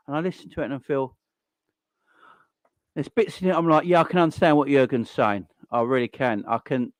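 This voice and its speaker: Exasperation drives this young man's repetitive, occasionally sweary football rant as he hosts his fan channel's live stream. His voice is mid-range, with no echo.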